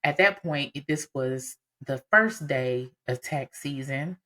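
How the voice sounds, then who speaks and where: A woman telling her own story on a podcast, casual and animated, with lots of fillers. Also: extremely low pitch, slow. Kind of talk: personal storytelling.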